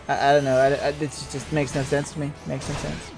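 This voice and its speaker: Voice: mid-range voice, little pitch movement, fairly quick, vocal fry, a little mellow, faint music behind. A game player giving goofy, giggly, rambling casual commentary while playing an online role-playing game. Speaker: let's play gamer.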